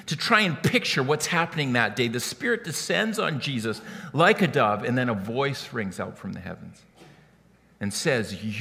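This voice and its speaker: A man preaching a sermon in an animated way, often repeating words as he starts a phrase. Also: mid-range voice, moderate pace, gravelly, big-room sound. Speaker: pastor.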